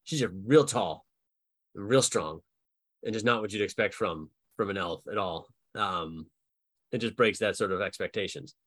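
Guy with a lowish voice riffing on a podcast, laughs a lot, dry close sound. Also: no echo. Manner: animated, laughs often, acts out quick bits of dialogue. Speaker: podcast co-host and dungeon master. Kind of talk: casual podcast chat about building game characters.

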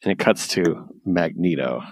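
A man co-hosting a casual podcast, recapping a story with animated storytelling and filler words. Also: low-pitched, normal speed, no room sound. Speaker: podcast co-host, comic reviewer. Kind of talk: casual chat.

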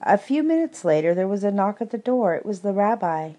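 A woman narrating an audiobook of reflective prose in a calm, wry, measured way. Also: mid-range voice.

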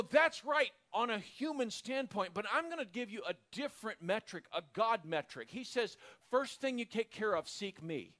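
A man teaching a sermon, reading scripture aloud and getting excited enough to shout at times. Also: high-pitched. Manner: animated, bursts into excited shouting; reads scripture aloud, acts out quoted voices. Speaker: Bible teacher.

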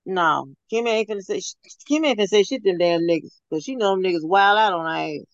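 A guest speaker in a casual commentary chat, talking in halting, profane bursts. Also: medium pitch, no echo, muffled recording.

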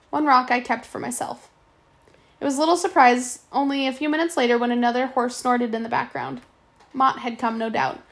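Woman reading a novel aloud, gravelly. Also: sits high. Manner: steady reading with occasional slips and restarts. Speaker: audiobook reader. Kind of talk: first-person novel reading.

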